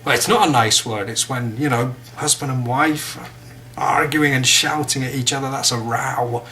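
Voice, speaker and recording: Brief: English male teacher, bright, forceful tone, chatty and jokey. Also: mid-range voice, moderate pace, slight background noise. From England. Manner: chatty, joking asides. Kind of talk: casual vocabulary lesson.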